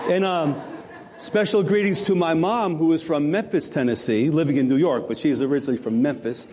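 A man's voice: fairly high pitch, a little fast, a crowd in the background. A man leading church announcements as pastor, chatty and joking with the congregation. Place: church sanctuary. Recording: long hall reverb.

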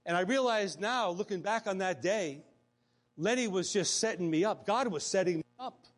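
A man with a high-pitched voice preaches a morning sermon. He talks in a relaxed, conversational way, restarting phrases and slipping into quoted dialogue. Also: moderate pace. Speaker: pastor.

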